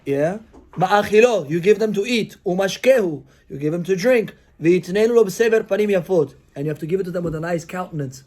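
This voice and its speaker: A man with a high-pitched voice gives a Torah class as a rabbi. He teaches with animation, acting out quoted lines, asking the listeners questions and weaving Hebrew terms into his English. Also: fast, darkish tone. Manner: mixes Hebrew and Yiddish-style terms into English.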